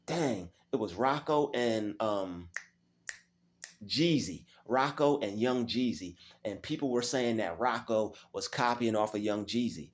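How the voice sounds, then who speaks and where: A man's voice: on the low side, expressive, measured pace, a little hiss or hum. A man giving a loose, repetitive motivational talk in casual streetwise slang, preaching encouragement to his viewers. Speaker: motivational vlogger.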